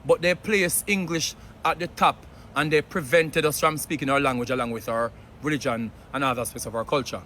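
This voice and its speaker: A man's voice: on the high side, fairly even intonation, brisk, sharp tone, slight background noise. A Jamaican man giving earnest commentary, slipping patois into his English. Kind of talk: opinion commentary.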